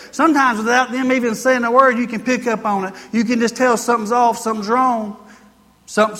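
Male pastor, folksy and emphatic, high voice, echoing church hall. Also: sharp tone. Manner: folksy, emphatic preaching with scripture quotes. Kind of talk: sermon.

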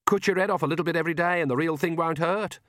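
A sharp-tongued young witch from a storybook, suspicious and quick to bristle, as a male narrator puts her on. The voice is lifted above his usual register and sounds close and dry. Her lines come out clipped and indignant. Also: a little high, no room sound, pitched above the performer's own voice, close to an everyday voice. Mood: wary, indignant.

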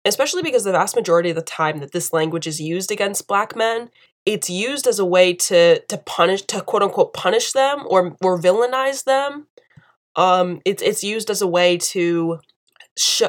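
A young woman from the United States giving impassioned video commentary, emphatic and indignant, repeating phrases for force. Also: on the low side.

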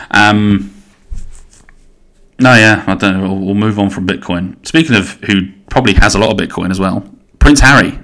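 A man's voice: fairly low pitch, unhurried, pauses often, bright, forceful tone. A man in his thirties hosting a solo podcast, rambling casually and swearing as he goes. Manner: rambling, sweary, self-interrupting. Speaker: podcast host.

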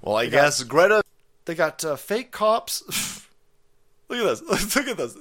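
Foul-mouthed sarcastic guy on a stream, high voice swinging all over, bright sound. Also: big pitch swings, moderate pace. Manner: loud, sarcastic, cursing, laughing often. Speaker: livestream host. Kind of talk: profane ranting commentary.

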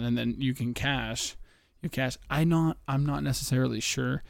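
A young man talks through his betting podcast from home late at night, keeping his voice down so he won't wake anyone. His gravelly voice sits at an ordinary pitch, close and dry in the recording. He rambles and swears freely, sounding a little out of breath. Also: normal speed, dry recording. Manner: rambling, profane, talking low to keep quiet. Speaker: podcast host. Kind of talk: casual betting podcast chat.

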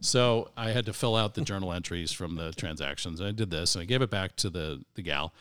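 Low-voiced man. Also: brisk, a bit bright, smooth. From Boston area, US. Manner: chatty, rambling, self-amused, many fillers. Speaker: podcast guest. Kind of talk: casual anecdotal storytelling.

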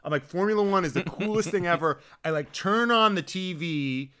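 A man's voice: moderate pace, clean tone. A man co-hosting a casual comedic chat, telling stories with lots of stammering restarts and acted-out quotes. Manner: animated storyteller, acts out quotes with big pitch swings. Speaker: podcast co-host.

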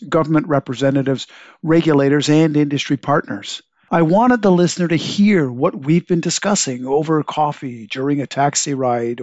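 A congested man with a slightly higher voice hosts a podcast, reading his introduction in a measured, clearly enunciated way. The recording is dry and close, with no room sound. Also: no echo, highs cut off. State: congested from a cold. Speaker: podcast host. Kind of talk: scripted podcast intro and interview. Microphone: home setup over video call.

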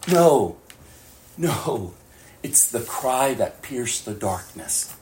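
A male pastor preaching a sermon with passion, laughing often and swinging between shouts and hushed whispers. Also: medium pitch, very animated, slow pace, noisy background.

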